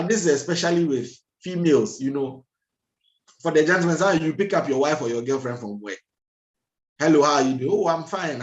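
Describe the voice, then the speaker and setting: A man, a doctor giving a lively health lecture over a video call, laughing at himself and acting out everyday scenes. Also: on the high side, reverberant, rough recording.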